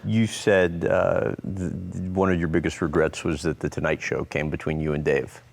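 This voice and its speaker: Male interviewer, deep low voice, direct and probing. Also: steady tone, normal speed, creaky. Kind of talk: interview questions.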